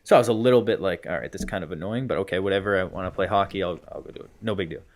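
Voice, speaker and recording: A man's voice: sits low, rapid-fire. A young man co-hosting a casual podcast, telling a rambling story full of fillers. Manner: rambling storyteller, many fillers like "whatever" and "blah, blah". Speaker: podcast co-host, hockey player.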